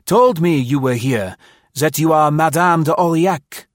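A man's voice: fairly high pitch, animated, unhurried, dry recording, clean studio sound, pitched above the performer's own voice. A man voicing a dashing young French officer. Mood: exuberant.

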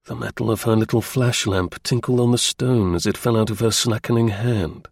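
A man narrating an audiobook in a measured, unhurried reading. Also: lowish voice, fairly even intonation, creaky, husky, dry recording.

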